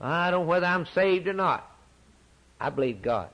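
A man preaching a sermon, repeating phrases for emphasis and swinging from loud declarations to near-whispers. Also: on the high side, expressive, normal speed, slight background noise. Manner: dramatic swings from loud to hushed, repetitive emphasis.

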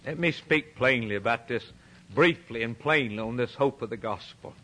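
A man's voice: medium pitch, moderate pace, fairly bright tone. A man preaching a sermon, emphatic and repetitive, dramatically retelling scripture and addressing the congregation as brethren.

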